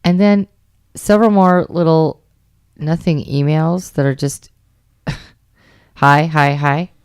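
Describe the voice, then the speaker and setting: Lively woman co-hosting a dating talk show. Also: deep voice, takes it slowly, clear, resonant tone, dry recording, clean studio sound. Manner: animated, emphatic storytelling. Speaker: radio show co-host. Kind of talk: casual chat about dating.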